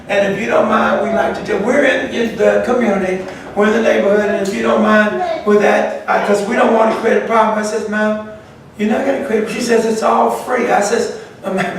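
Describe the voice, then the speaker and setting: A male pastor leads a Bible study, retelling conversations in a folksy, animated way. His voice sits high for a man. He is heard from a distance in a very echoey church room. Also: slight background noise. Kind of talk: Bible study talk with storytelling.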